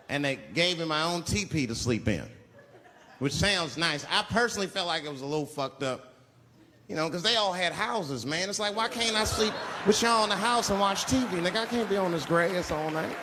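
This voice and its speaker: A man doing stand-up comedy, telling a story with animated delivery and acted-out voices. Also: high voice, normal speed, big-room sound.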